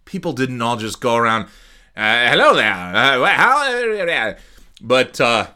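A man's voice: medium pitch, unhurried. A middle-aged man rambling casually and jokingly on his own show, standing at a desk microphone indoors. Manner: rambling, joking, lively impressions. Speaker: vlogger. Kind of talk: casual solo rant.

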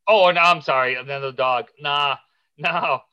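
Middle aged guy, podcast guest, jokey and chatty, slightly high voice, muffled lo-fi audio. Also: a little slow, clean tone. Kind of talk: casual interview chat.

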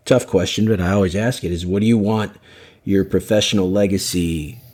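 A man hosting an interview podcast, asking measured questions and thanking his guest. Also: sits low, steady tone, a little mellow, slightly rough. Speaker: podcast host. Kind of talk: interview and outro.

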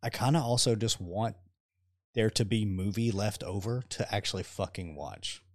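Chill young dude on a podcast, kinda low voice, swears a lot, dry close sound. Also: male voice, moderate pace, no echo. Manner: laid-back, short replies, swears casually. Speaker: podcast co-host. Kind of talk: casual chat.

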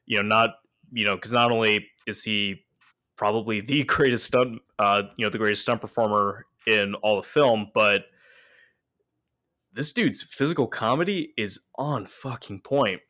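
A man's voice: on the low side, moderate pace, sharp tone. A man co-hosting a casual movie review chat, hesitant, often restarting sentences and swearing casually. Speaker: podcast co-host.

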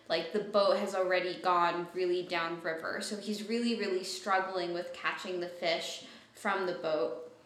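A woman's voice: lowish voice, a bit bright. A woman co-hosting a podcast, chatting casually, laughing often and retelling what happened in the episode. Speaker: podcast co-host. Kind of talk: casual chat. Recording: roomy echo.

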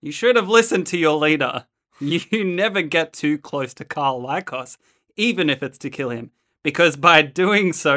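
A man's voice: on the high side, pushed and bright. A man reading out the lines of a campy male pterodactyl supervillain, gloating theatrically.

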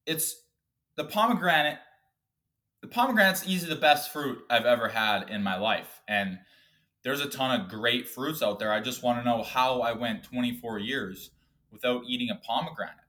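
A man in his twenties hosting his own podcast, rambling and swearing, with loud outbursts that drop to low mumbles. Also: moderate pace. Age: 20s. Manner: profane, rambling, self-deprecating. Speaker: podcast host. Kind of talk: casual solo podcast rant.

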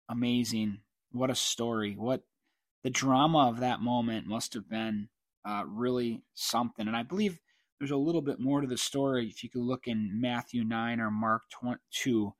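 A man's voice: medium pitch, steady tone, normal speed, dry recording. Preaching man, dry and close. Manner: reads scripture then comments conversationally, frequent throat clearing. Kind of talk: Bible teaching sermon.

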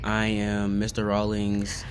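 An eighteen-year-old man from New York and Atlanta, co-hosting a podcast in casual chat, soft-spoken and quiet. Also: on the low side, monotone, slow, slight background noise. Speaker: co-host.

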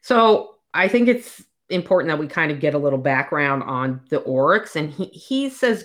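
A woman's voice: lowish voice, big pitch swings, moderate pace, few pauses, a bit bright. A woman in a casual book discussion, retelling the plot with animation and acting out the quotes.

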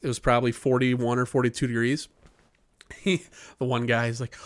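A man in his thirties, a podcast co-host, telling stories in casual chat, animated, laughing and swearing often. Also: mid-range voice, moderate pace, long pauses, dry recording, clean studio sound. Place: podcast studio.

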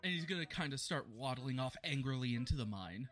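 Lively man running a tabletop game. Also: mid-range voice, brisk, faint music behind. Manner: animated, laughing often. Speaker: game master.

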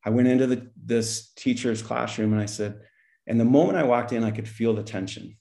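A man's voice: mid-range voice, fairly quick, vocal fry, mellow. A middle-aged man, a former school principal, telling a story in conversation, acting out the dialogue and often laughing. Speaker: podcast guest, school principal.

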